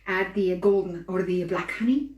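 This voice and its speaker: A woman's voice: fairly low pitch, steady tone, normal speed, a little mellow, dull audio. Lady cooking show host walking thru a recipe, patient and chatty, sounds far off in a roomy space. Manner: patient, explanatory, talks while working with her hands. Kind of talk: live cooking demonstration. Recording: roomy, distant mic with faint ambience.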